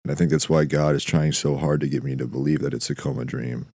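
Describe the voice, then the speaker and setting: A man hosting a podcast, delivering a dry, deadpan, profane comedic monologue. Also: rumbling low, fast talker, vocal fry, breathy edge, no echo. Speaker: podcast host.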